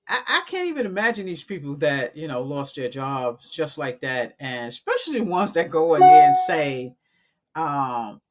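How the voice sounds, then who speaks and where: A woman's voice: low-pitched, expressive, measured pace. A woman, talking casually and animatedly to her viewers on a live stream from home, calling them y'all. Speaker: coding academy owner.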